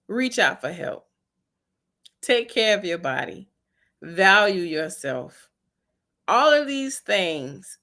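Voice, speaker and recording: A woman's voice: mid-range voice, fairly bright tone. A woman giving earnest, encouraging wellness advice to her viewers in a casual way, repeating her key points.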